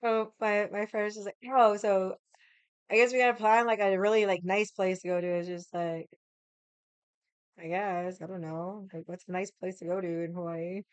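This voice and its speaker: A woman with a raspy voice from losing it, telling a casual story with lots of fillers, acted quotes and loud laughs. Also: on the low side, little pitch movement, moderate pace, no room sound. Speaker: vlogger.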